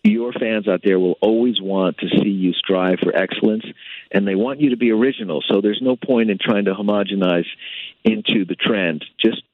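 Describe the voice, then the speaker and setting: A guitarist being interviewed, speaking thoughtfully with many fillers over a phone line. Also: male voice, fairly low pitch, normal speed. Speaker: guitarist guest.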